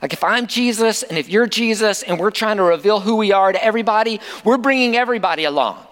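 Male pastor, high-pitched, conversational sermon, reverberant church hall. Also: lively intonation, quick pace, a bit bright. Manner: conversational preaching with rhetorical questions.

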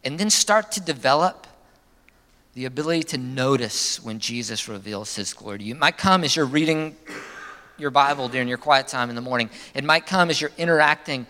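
A male pastor delivering a sermon in an animated manner, his pitch jumping up for emphasis and sinking low at the end of phrases. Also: a little fast, in a large hall.

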